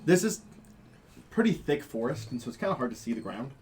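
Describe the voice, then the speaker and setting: A man's voice: mid-range voice, very animated, brisk, darkish tone, slight background noise. A man running a tabletop game as game master, talking casually with fillers and laughs.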